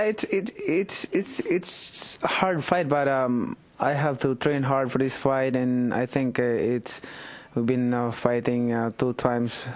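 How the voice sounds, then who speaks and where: A man in his thirties with a Filipino accent, a boxer answering interview questions in a hesitant way with many fillers. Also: medium pitch. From Philippines. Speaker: boxer and congressman, interview guest. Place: indoors in the Philippines.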